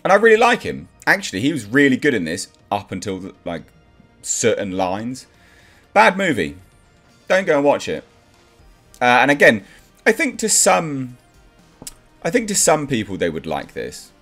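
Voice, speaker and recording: Blunt, animated man ranting. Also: medium pitch, normal speed, long pauses, faint music behind. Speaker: movie reviewer. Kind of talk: casual spoken review.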